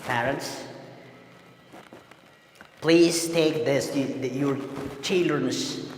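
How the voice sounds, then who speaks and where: A man teaching a classroom lesson, speaking emphatically and drawing out example words slowly. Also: mid-range voice, slight background noise. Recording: echoey room with long reverb.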